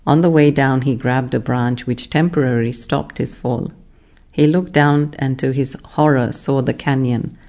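A spiritual teacher giving a measured, explanatory class talk, often pausing on rhetorical questions. The voice is gravelly and mellow. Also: medium pitch.

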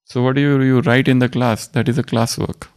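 A man's voice: mid-range voice, level tone, brisk, darkish tone. A man, teaching a spiritual class, quizzing listeners and telling parables. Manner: asks the class questions, tells parables, teacherly.

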